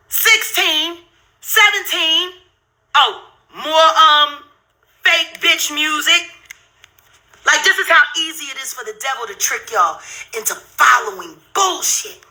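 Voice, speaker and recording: A woman's voice: high-pitched, sharp tone. A middle-aged woman hosting her own channel, ranting angrily and profanely at viewers while counting through videos on screen. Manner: heated, cursing, repetitive, counts aloud sarcastically.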